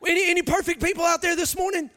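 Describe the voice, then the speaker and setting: A man in his thirties with a drawl preaches a confessional sermon. His voice sits very high and rings bright and forceful, swelling into loud, half-sung emphasis as he presses each point. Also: steady tone, very fast. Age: 30s.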